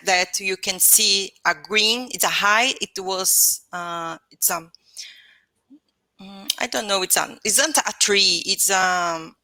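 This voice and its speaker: A woman's voice: mid-range voice, sharp tone, no echo. A woman with a Portuguese accent and Portuguese as her first language, speaking as a student in an online English lesson. She hesitates, restarts often and searches for words. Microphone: video call.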